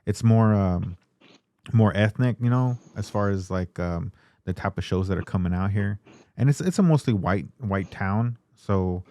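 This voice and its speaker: A man hosting a podcast, chatting casually in a relaxed way with lots of fillers. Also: lowish voice, measured pace, no echo. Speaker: podcast host. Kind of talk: casual chat.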